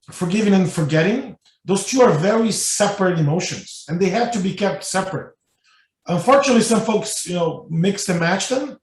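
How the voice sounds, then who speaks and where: A man giving a spiritual lecture as guest speaker, telling stories loosely with many fillers and restarts. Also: high voice. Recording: echoey room, mic at a distance.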